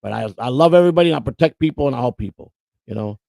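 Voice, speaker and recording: A man's voice: mid-range voice, lively intonation, very fast, vocal fry, mellow, no echo. A man co-hosting a casual livestream chat, rambling and boastful, repeating his words as he goes. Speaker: co-host.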